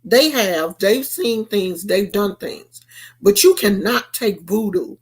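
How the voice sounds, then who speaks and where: A woman's voice: mid-range voice, animated, takes it slowly, breathy edge. A woman telling a story in a casual, sassy rant. She is emphatic and acts out the people she quotes in raised voices. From United States. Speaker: vlogger. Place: California.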